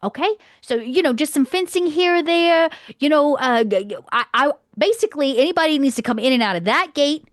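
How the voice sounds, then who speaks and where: A woman with a fairly high, very lively voice plays her character brashly and profanely. She trips over her words and restarts often, and the close mic keeps her sound dry. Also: brisk, hardly any pauses, no echo. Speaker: tabletop role-play player. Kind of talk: in-character tabletop role-play.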